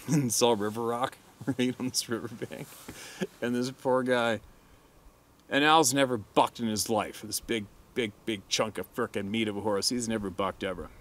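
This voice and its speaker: Laughing hunting guide telling a story. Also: male voice, medium pitch, moderate pace. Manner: laughs often, crude and animated when quoting. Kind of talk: casual storytelling.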